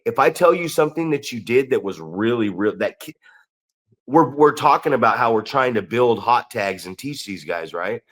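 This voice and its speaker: A middle-aged man, a pro wrestler co-hosting a podcast, talking in a rambling, profane way with frequent restarts. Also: mid-range voice. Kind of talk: casual chat.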